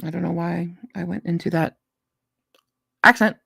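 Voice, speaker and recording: A woman's voice: fairly low pitch, moderate pace, creaky, husky, no echo, studio quality. A tired woman chatting casually on a live stream about books she might read. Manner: chatty, animated, talks to her puppy in a soft baby voice. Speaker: book reviewer streaming live.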